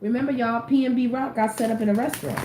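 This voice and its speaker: A woman's voice: fairly high pitch, steady tone, quick pace, background noise. A woman reading tarot cards in a casual, chatty way, full of slang and repeated phrases for emphasis. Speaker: tarot reader. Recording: roomy echoey recording.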